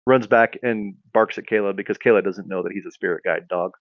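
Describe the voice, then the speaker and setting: A podcast co-host tells a comedic story in a rambling, casual way, full of fillers and restarts. His voice is fairly low and brisk, and the recording is muffled with no echo.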